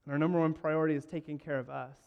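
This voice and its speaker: A man preaching a sermon, telling a story and acting out its lines, moving between hushed and loud. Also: a little high, level tone, racing, creaky, dull audio. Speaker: pastor. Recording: long hall reverb.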